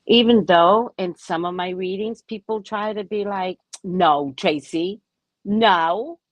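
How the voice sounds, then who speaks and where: A woman's voice: medium pitch, fairly even intonation, normal speed, no room sound, lo-fi sound. A woman psychic reader talking casually to her viewers, emphatic and self-assured. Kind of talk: casual spiritual talk to viewers.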